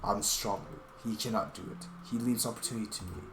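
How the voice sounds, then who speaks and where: A man voicing a halting clouded leopard spirit. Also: close to an everyday voice. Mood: terse. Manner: broken clipped phrases, low and slow. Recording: roomy echo with game music.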